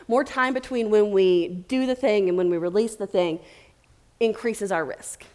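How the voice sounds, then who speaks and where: A woman's voice: medium pitch, expressive, normal speed. A woman speaking at a tech conference as a tester and manager, chatty and playful with jokey asides. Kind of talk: conference talk. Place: conference room.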